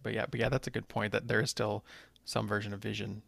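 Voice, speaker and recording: A man co-hosting a casual movie discussion, talking in a halting, hedging way with many fillers. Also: fairly low pitch, little pitch movement, creaky, a bit bright, no room sound. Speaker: podcast co-host.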